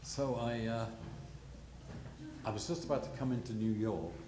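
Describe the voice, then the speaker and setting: An older man telling a rambling, self-deprecating story at a gallery panel, halting with many restarts. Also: medium pitch. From England. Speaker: panel guest, illustrator. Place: gallery panel before an audience. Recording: echoey gallery hall, noisy.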